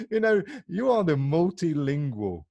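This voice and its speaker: A man's voice: a little high, creaky, warm tone, lo-fi sound. A British man hosting an interview, teasing his guest in a jokey way and laughing often. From United Kingdom. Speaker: host. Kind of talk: casual interview chat.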